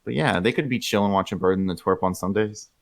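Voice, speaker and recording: Joking young man, lowish voice. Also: fast, gravelly. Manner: joking, playful, does silly voices. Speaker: podcast co-host. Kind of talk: casual chat.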